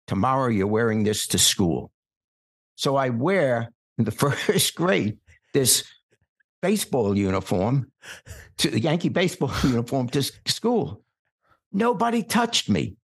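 Older man, husky storyteller. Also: medium pitch. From England. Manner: relaxed anecdotal storyteller, wry asides. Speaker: guest. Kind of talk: storytelling in conversation.

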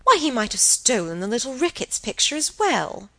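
A woman's voice: a little high, sing-song, moderate pace, bright, forceful tone, voice pushed up, heavily acted. A woman voicing a prim, tart older aunt.

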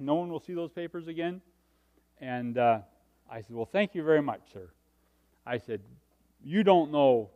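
A middle-aged man preaching a sermon, telling a personal story and swinging from hushed asides to loud, excited passages. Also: medium pitch, highs cut off.

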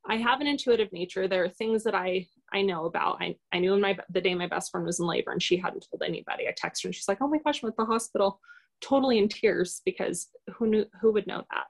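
A woman's voice: medium pitch, fast talker, vocal fry, hardly any pauses. A woman guest telling a personal story in a casual, rambling, hesitant way, full of fillers.

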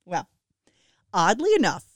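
A woman in her thirties chatting casually and self-deprecatingly to listeners about family life, with lively swings in her voice. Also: mid-range voice, measured pace, no echo, clean studio sound. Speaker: mom sharing family updates with listeners. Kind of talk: casual chat.

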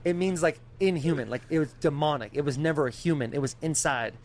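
A young man in casual group chat, telling a story with animated delivery, imitating beeps and other people's voices, and swearing freely. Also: fairly high pitch, quick pace, slight background noise. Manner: animated storytelling, mimics beeping and quoted voices.

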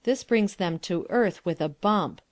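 A woman's voice: mid-range voice, expressive, measured pace, dry recording. A woman reading stage directions aloud in a plain, matter-of-fact audiobook manner.

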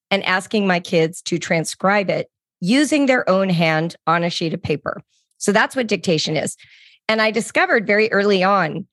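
Animated woman explaining, dry sound. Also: medium pitch, no echo. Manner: animated explainer, acts out examples. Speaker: podcast co-host. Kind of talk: casual teaching chat.

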